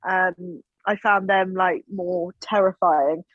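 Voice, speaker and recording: A woman with a lowish voice speaks slowly as a podcast guest, animatedly telling stories in a casual way and acting out what other people said. No room sound is audible; the recording is dry and slightly dull.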